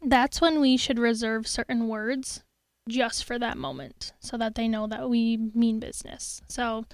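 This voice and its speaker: A young woman chatting as a guest, laughing often and acting out quick quotes. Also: fairly high pitch, no echo, studio quality. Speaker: podcast guest. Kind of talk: casual interview conversation.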